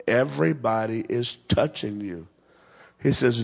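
Gravelly preacher telling a story. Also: male voice, mid-range voice, takes it slowly. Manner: dramatic storytelling preacher, acting out dialogue. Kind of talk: revival sermon. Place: large crusade gathering.

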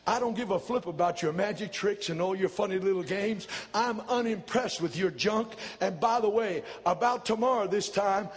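A man's voice: sits high, normal speed, hardly any pauses, long reverb tail, lightly acted. A preacher voicing a sneering scornful queen. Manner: sneering, mocking. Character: scornful queen writing a threatening note.

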